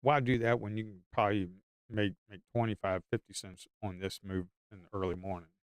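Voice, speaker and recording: A man's voice: on the low side, steady tone, fairly quick, clean tone, dry recording, studio quality. A man giving live stock trading commentary in an emphatic, repetitive way.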